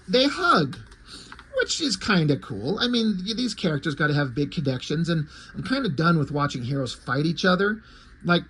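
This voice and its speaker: A man's voice: a little high, fairly bright tone, a little hiss or hum. A man casually recapping and reviewing a comic book, sarcastic and swearing freely. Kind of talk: casual chat.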